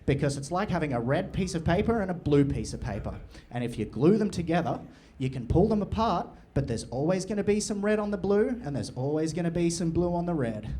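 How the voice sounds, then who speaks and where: A young man doing crude, deadpan, absurd stand-up storytelling on a comedy club stage. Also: a little high, brisk, few pauses. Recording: live venue, room noise and audience.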